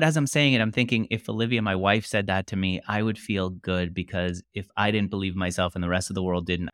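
A man with a fairly low voice hosts an interview, asking open questions and reflecting aloud. The sound is dry and close. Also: no room sound. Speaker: podcast host, interviewer. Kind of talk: interview conversation.

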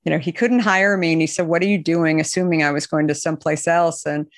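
A woman founder being interviewed, who tells long anecdotes full of fillers and restarts and raises her pitch when she quotes other people. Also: fairly even intonation, fast talker, no echo, studio quality. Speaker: company founder, guest. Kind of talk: interview storytelling.

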